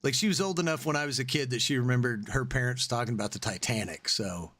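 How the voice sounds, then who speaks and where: A man's voice: medium pitch, quick pace. A man from Oklahoma with a mild Oklahoma accent, co-hosting a casual podcast chat and joking around. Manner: animated, jokey, does mocking voices. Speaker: podcast co-host.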